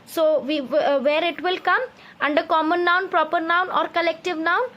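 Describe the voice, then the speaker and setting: A woman's voice: extremely high pitch, steady tone, normal speed, dull audio. A woman teacher with an Indian English accent, patiently leading children through a grammar exercise, spelling words letter by letter and quizzing the class.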